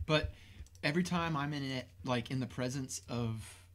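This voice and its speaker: A man's voice: mid-range voice, moderate pace, a bit bright. A man co-hosting a podcast in casual chat, laid-back, with folksy exclamations. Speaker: podcast co-host.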